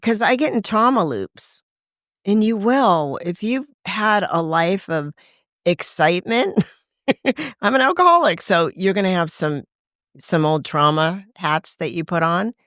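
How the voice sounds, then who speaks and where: A candid woman shares her story in relaxed conversation, her voice sitting a little low for a woman. She slips into the voices of people she quotes and laughs easily. The recording is dry and close, with no room sound. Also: a little slow, dry recording. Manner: animated, acts out quoted voices, laughs often. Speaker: podcast guest in recovery.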